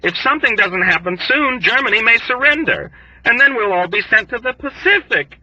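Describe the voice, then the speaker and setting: A man's voice: very high-pitched, expressive, a little fast, pushed and bright, no room sound, highs cut off, pitched above the performer's own voice, heavily acted. A man reading an audiobook, voicing a self-pitying male military doctor who whines and complains mournfully. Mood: whining.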